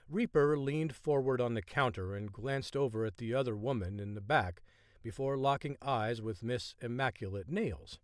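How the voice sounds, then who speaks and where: A man narrating a thriller audiobook in a measured storytelling voice. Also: mid-range voice, no room sound, studio quality.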